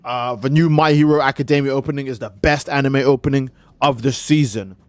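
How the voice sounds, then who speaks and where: In a dry recording, a man with a mid-range, steady voice comments briskly on the game he's streaming. His talk is loose and profane, peppered with little skits where he imitates people.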